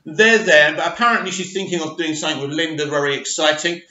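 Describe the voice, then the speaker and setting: Animated high-voiced man. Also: fast. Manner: animated, emphatic, opinionated, with fillers. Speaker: soap opera commentator. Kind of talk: casual opinion monologue. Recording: echoey room, dull lo-fi sound.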